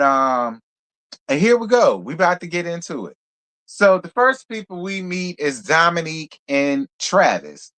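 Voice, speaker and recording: Sassy, blunt man reviewing reality TV. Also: a little high. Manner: sassy, blunt and profane, animated asides. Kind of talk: casual live commentary.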